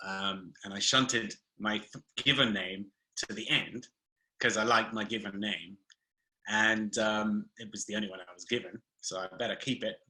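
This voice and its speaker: A man's voice: fairly low pitch, fairly even intonation, normal speed, bright, forceful tone, low-quality recording. A man hosting a casual live video call chat, laughing often, chatty and playful.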